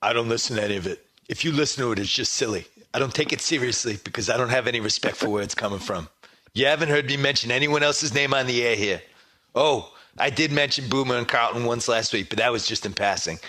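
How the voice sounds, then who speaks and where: A man's voice: medium pitch, fast talker, pushed and bright. A man impersonating a boastful, self-important male sports radio host, with a bombastic, rising delivery.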